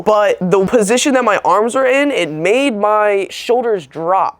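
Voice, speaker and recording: A young adult woman telling a story in a casual vlog, chatty and blunt with some swearing, acting out what people said. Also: lowish voice. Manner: chatty, blunt and profane, acts out quoted people. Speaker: vlogger.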